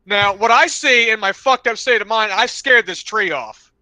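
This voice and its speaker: A young man on a podcast telling rambling, animated stories, now and then slipping into loud voices for his friends. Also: high-pitched, normal speed, dry recording. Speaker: podcast co-host. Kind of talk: casual storytelling chat.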